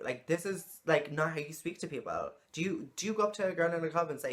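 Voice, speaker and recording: A woman's voice: deep voice, big pitch swings, a little fast. A woman talking frankly to camera in a casual vlog, exasperated and swearing freely. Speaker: vlogger.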